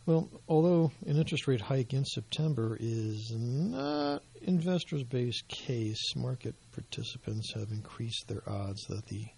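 A man giving financial market commentary in a measured, explanatory way, his voice going hoarse. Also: mid-range voice, sing-song, a little mellow. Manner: measured, explanatory, with dry asides. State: losing his voice.

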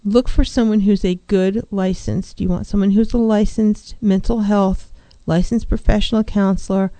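Middle-aged woman counselor hosting a talk show; earnest advice, mellow tone, dry close sound. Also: medium pitch, fairly even intonation, moderate pace, no room sound. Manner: earnest, advising, acts out clients' voices.

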